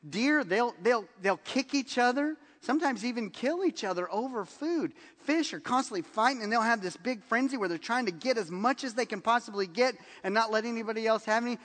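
A man's voice: extremely high pitch, fairly quick, hardly any pauses, big-room sound. A man preaching a sermon, telling stories and acting out the lines people said in them. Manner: animated storytelling, acts out quotes with laughs. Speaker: pastor.

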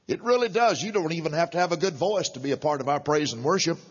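A middle-aged man preaching a sermon, animated and chuckling between points. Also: fairly high pitch, fast talker, hardly any pauses, husky, big-room sound. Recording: dull lo-fi sermon recording.

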